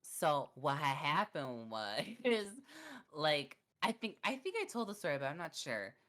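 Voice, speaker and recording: A young woman co-hosting a podcast, telling a story in casual chat and acting out the voices of the people in it. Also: measured pace. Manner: animated, acts out quoted voices with big pitch jumps. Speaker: podcast co-host.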